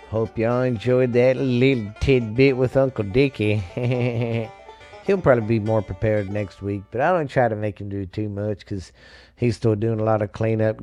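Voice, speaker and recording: Easygoing podcast host, warm dry voice. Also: male voice, mid-range voice, no echo. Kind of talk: casual podcast chat.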